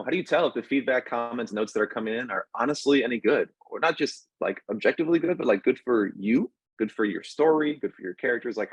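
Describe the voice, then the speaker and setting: A man's voice: mid-range voice, husky, dry recording, low-quality recording. A man from New Orleans moderating a panel discussion over a call, upbeat and joking. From New Orleans, USA. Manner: quick, upbeat, joking asides.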